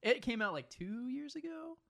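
A young man co-hosting a podcast, chatting casually with wry jokes and quick asides. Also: very high-pitched, sing-song, vocal fry, pushed and bright. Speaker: podcast co-host. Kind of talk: casual chat.

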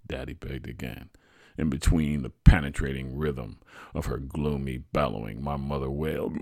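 A man hosting a podcast, reading a true family story aloud in an expressive, animated way. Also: rumbling low, normal speed, dry recording, clean studio sound. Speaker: podcast host and narrator.

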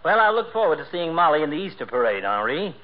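Sarcastic doctor, wisecracking, lively swooping voice, old muffled radio sound. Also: male voice, on the high side, fast, crowd noise. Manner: sarcastic insulting banter. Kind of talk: 1940s radio comedy acting.

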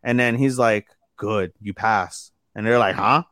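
This man's voice sits fairly low and moves at a measured pace, recorded in studio quality with no room sound. Co-hosting a podcast, he recaps an episode in a relaxed, animated way, performing characters' lines with plenty of "he's like."

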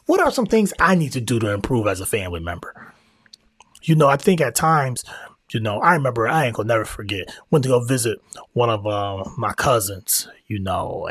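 A man talks in a loose, slangy, repetitive way, like a podcast host sharing faith and family thoughts. His voice is husky and sits at an ordinary pitch. The recording is dry and close. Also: fairly bright tone, dry recording. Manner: conversational, slangy, repeats himself, sometimes drops into prayer. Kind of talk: casual faith-based family talk.

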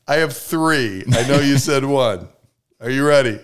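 A man co-hosting a podcast, telling stories in an animated way and cursing when irritated. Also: mid-range voice, a little slow, clear, resonant tone. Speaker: podcast co-host. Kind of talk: casual podcast banter.

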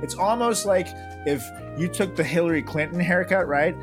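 A man's voice: high voice, normal speed, music in the background. A man co-hosting a casual comedic chat, laid-back and rambling with many fillers.

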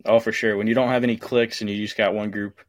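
A man's voice: on the low side, flat delivery, fast talker, no room sound. A man hosting a podcast, asking his guest questions in an easygoing, casual way. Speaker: podcast host.

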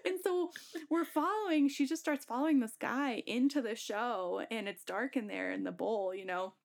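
A woman's voice: on the high side, moderate pace, creaky. A young woman casually telling a story on a podcast, laughing often and acting out the voices she quotes.

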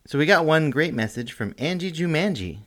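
A man's voice: a little high, lively intonation, a little fast, a bit bright. A man co-hosting a podcast, laid-back and often laughing as he reads listener messages. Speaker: podcast co-host. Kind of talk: casual podcast banter.

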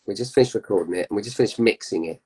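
A man, a musician guest telling anecdotes in a relaxed, chatty way. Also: lowish voice, racing, slightly rough, rough recording. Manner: chatty storyteller, laughs often. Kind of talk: casual chat.

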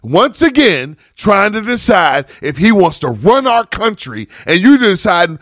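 A man's voice: sits high, very animated, a little slow, a bit bright, dry recording, clean studio sound. A man on a casual podcast panel, ranting heatedly and emphatically, with frequent cursing.

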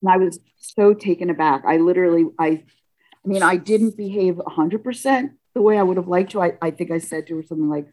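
A woman telling a personal story in a casual, halting way, with restarts, acting out what people said with big jumps in pitch. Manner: animated, acts out dialogue with pitch leaps; halting, frequent restarts and self-corrections.

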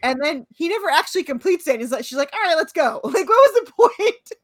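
A woman's voice: high-pitched, big pitch swings, a little fast, no room sound. A middle-aged woman co-hosting a podcast, chatting casually, laughing often and trailing off with fillers. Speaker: podcast co-host. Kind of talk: casual chat.

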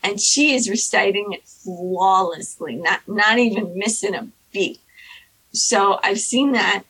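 A woman casually telling anecdotes in an animated way, acting out the people she quotes. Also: unhurried, breathy edge, low-quality recording. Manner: animated, acts out quoted people in high squeaky voices. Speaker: storyteller guest.

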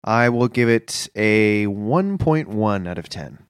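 A man co-hosting a podcast in casual comedic chat, talking deadpan and mock-earnest with halting starts. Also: fairly low pitch, clear, resonant tone, no room sound, clean studio sound. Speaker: podcast co-host.

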